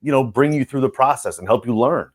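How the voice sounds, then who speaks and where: A man hosting a podcast, asking questions in a loose, joking way. His voice sits at an ordinary middle pitch, and his talk is full of "like" and friendly asides. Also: brisk. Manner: relaxed, jokey, says "like" a lot. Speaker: podcast host. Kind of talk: casual interview chat.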